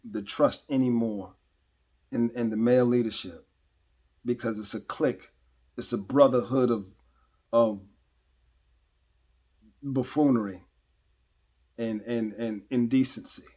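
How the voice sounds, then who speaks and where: A man's voice: medium pitch, steady tone, a little slow, pauses often, dark tone, breathy edge. A man hosting a podcast, talking to listeners in an earnest, emphatic, preacherly way, stressing key words and restarting phrases. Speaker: podcast host. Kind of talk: unscripted commentary monologue.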